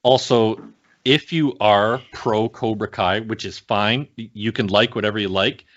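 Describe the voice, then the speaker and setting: A man's voice: lowish voice, steady tone, a little slow, fairly bright tone. A man co-hosting a casual podcast chat, blunt and profane, ranting with lots of restarts. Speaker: podcast co-host. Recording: slightly dull lo-fi home recording.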